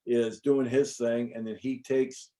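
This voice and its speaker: A middle-aged man, an interview guest, telling a personal story in a casual, animated way with many fillers and the odd swear word. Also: mid-range voice, a little slow. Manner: animated, chatty, frequent fillers and restarts. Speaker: interview guest recounting an experience.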